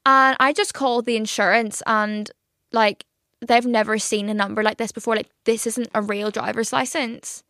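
A polite young desk clerk , as a Northern Irish woman quotes her, who asks questions in a flat, matter-of-fact way. The voice sits a little high and is recorded dry and close. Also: normal speed, no room sound.

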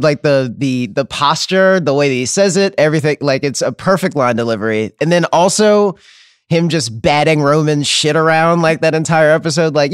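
A man's voice: on the high side, fairly quick, smooth, no echo, clean studio sound. A man chatting as a podcast guest, rambling with fillers and frequent laughs. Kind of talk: casual chat.

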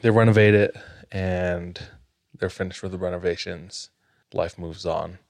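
A man with a very low voice tells a creepy story at a slow, even pace. His delivery is measured and builds suspense. The recording is dry and close. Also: gravelly, no room sound. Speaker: podcast host, storyteller. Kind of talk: casual storytelling.

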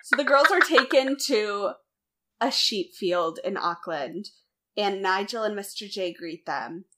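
A woman's voice: medium pitch, expressive, a little slow, pushed and bright. A woman co-hosting a casual podcast, recapping a TV episode in a chatty, wry way. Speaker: podcast co-host. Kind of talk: casual chat recapping a TV show.

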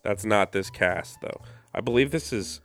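A man's voice: on the low side, normal speed, a bit bright, soft background music. A man co-hosting a podcast in casual trivia chat, his voice strained and worn out. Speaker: podcast co-host.

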